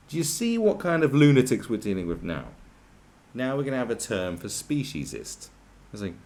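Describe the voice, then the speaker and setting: Guy ranting on his channel, swears a lot, pitch jumps all over, sarcastic. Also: big pitch swings, normal speed. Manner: sweary, sarcastic, swings from loud outbursts to muttering. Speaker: commentary channel host. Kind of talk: ranting video commentary.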